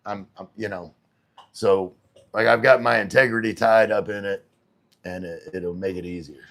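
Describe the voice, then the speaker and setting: A man's voice: fairly low pitch, steady tone, normal speed, creaky, fairly bright tone. A middle-aged man chatting casually on a live stream, reading viewers' messages aloud and answering them. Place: home in the Philippines.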